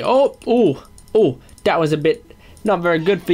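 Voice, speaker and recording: A man chatting excitedly through a let's-play video, joking as he goes. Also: high voice, normal speed. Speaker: gaming video creator.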